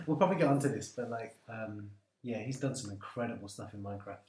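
A man co-hosting a casual podcast, jokey and quick to laugh. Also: lowish voice, lively intonation. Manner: joking, laughs often. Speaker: podcast co-host. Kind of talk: casual chat. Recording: roomy echo with background chatter.

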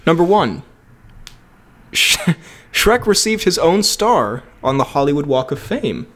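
A man's voice: on the high side, very animated, a little slow, fairly bright tone. Joking young man on a podcast. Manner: joking, swears, laughs often. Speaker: podcast co-host. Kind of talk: casual chat.

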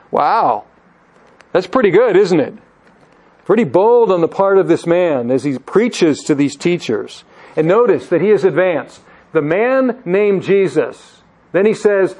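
A man's voice: fairly high pitch, lively intonation, measured pace, darkish tone. A man preaching a sermon, reading scripture aloud with emphasis and putting questions to his listeners. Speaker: pastor.

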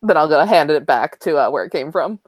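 Low-voiced woman player, dry sound. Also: animated, a little fast, no echo. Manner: chatty, rambling with many fillers. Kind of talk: playing a tabletop game.

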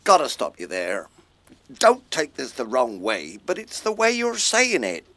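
A blunt amateur playwright. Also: male voice, medium pitch, huge pitch swings, measured pace, bright, forceful tone, no echo, exaggerated voice. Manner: blunt, matter-of-fact. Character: blunt, eager male writer, adult. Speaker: playwright in an amateur drama group.

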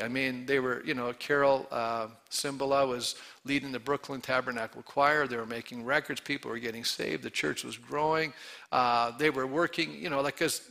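A middle-aged man preaching a sermon with a gravelly, bright edge to his voice. He throws questions at the congregation and swings between loud emphatic calls and quiet, hushed storytelling. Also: a little high. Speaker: pastor.

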